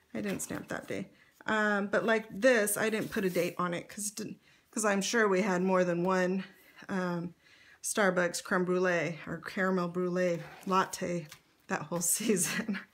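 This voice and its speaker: A middle-aged woman chatting casually as she pages through her scrapbook, with lots of fillers and light laughs. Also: lowish voice. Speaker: scrapbook vlogger. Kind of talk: casual show-and-tell narration.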